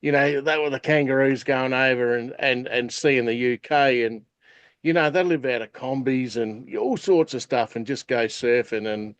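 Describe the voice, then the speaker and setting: A man's voice: medium pitch, moderate pace, no room sound. A man with an Australian accent chatting casually as a podcast co-host, rambling with lots of fillers. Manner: rambling, full of "you know" fillers. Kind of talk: casual chat.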